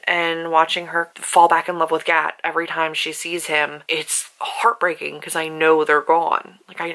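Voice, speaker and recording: Woman book vlogger, low voice, bright edge, chatty, emotional. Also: creaky, rough recording. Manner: chatty, fills with "like", openly emotional. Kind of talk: casual book-talk vlog.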